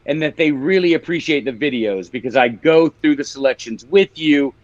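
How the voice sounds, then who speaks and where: A man's voice: a little high, moderate pace, no room sound, lo-fi sound. Memphis man explaining like a teacher. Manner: explaining and teaching, with laughs and restarts. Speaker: author and guest. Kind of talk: casual interview chat.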